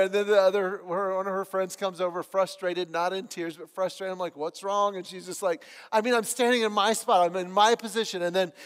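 A middle-aged man preaching a sermon, telling stories in an animated way and acting out the voices of others. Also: sits high. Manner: storytelling, animated, acts out voices in anecdotes. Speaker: pastor. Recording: long hall reverb.

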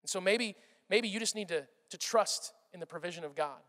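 Pastor, male, high voice, lively sermon that swings from loud to hushed, big echoing hall. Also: brisk. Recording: long reverb of a large hall.

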